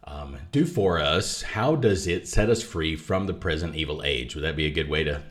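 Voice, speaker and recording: An author with an extremely low voice talks about his book as a guest in a casual theology conversation. He is animated and speaks at a normal speed, reflecting carefully while restarting and wandering into asides.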